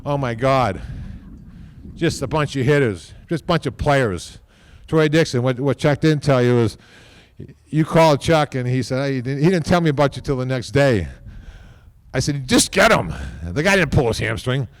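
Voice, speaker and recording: A man speaking at a podium microphone during an induction ceremony, rambling informally, repeating himself and tagging lines with a quick "okay?". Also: mid-range voice, lively intonation, dry recording, clean studio sound. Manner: repeats words and restarts often. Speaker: team executive giving induction speech.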